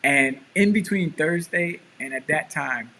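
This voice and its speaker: Bright-voiced man telling a story. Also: fairly high pitch, a little slow, slight background noise, low-quality recording. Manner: animated storyteller, acts out quotes. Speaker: pastor and co-host. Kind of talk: casual storytelling chat.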